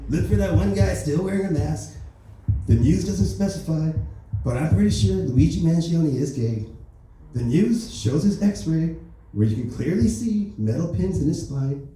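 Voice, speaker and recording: Comic doing a bragging older president, voice pushed high, dark tone, echoey club taped from afar. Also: male voice, animated, normal speed, recorded from a distance, a little hiss or hum, close to an everyday voice. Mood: mocking. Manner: brash, bragging, rambling. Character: boastful older male president impression. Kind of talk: stand-up impression. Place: comedy club open mic.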